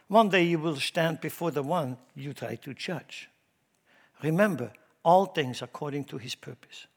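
A middle-aged man, a pastor preaching a sermon in a Midwestern church, swinging between loud exhortation and hushed asides. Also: medium pitch, moderate pace, breathy edge.

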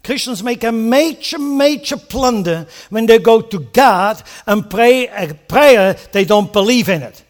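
Male pastor with a high voice, preaches an animated sermon, keeps asking the congregation questions. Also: measured pace, hardly any pauses. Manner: animated preaching with rhetorical questions and acted-out prayers.

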